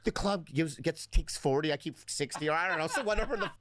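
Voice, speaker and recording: A man's voice: fairly high pitch, expressive, fast talker, a loud crowd. A man in his fifties rambling and stammering through a story in a casual podcast chat. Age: 50s.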